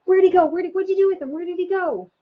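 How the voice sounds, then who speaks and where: A woman voicing a playful little puppy sniffing around for a hidden kid, in a high, goofy sing-song. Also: rapid-fire. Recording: dull lo-fi sound.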